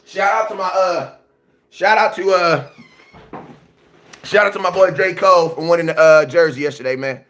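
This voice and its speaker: A man hosting a livestream, ranting emotionally about football news and shouting out viewers by name, often breaking into yelling. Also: a little high, normal speed, long pauses, a little hiss or hum.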